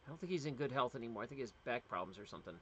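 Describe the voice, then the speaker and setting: A man's voice: medium pitch, animated, very fast, a little hiss or hum. A middle-aged man from the United States, hosting a casual livestream and chatting in a rambling way with plenty of fillers and restarts. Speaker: livestream host.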